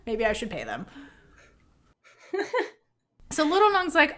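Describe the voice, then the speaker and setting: A woman's voice: high-pitched, huge pitch swings, takes it slowly, fairly bright tone. A woman co-hosting a podcast, recapping a TV episode in casual chat, acting out the characters' lines with swearing and laughter. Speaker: podcast co-host.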